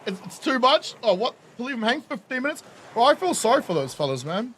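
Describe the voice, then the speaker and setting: A New Zealand man talks over his game stream in a high, lively voice, laughing often and swearing freely as he rants to chat. The recording carries a clear layer of background noise. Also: fast. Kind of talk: casual live-stream chat.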